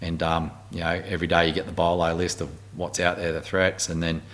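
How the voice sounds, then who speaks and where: Deep-voiced Australian man telling army stories. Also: fairly quick. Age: middle-aged. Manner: blunt, swearing, animated storyteller. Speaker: guest, army warrant officer. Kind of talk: casual storytelling interview.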